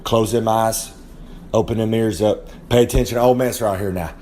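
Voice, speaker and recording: Speaking briskly in a lowish, darkish voice with fairly even intonation, a young Southern wrestler rambles in a folksy drawl. He's giving a podcast segment from his trailer at home and refers to himself by name in the third person, with slight background noise present.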